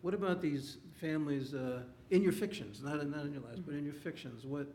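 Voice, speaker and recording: A man moderating an author talk, asking halting, self-deprecating questions with many restarts. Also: fairly high pitch, mellow, a little hiss or hum. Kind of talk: interview questions.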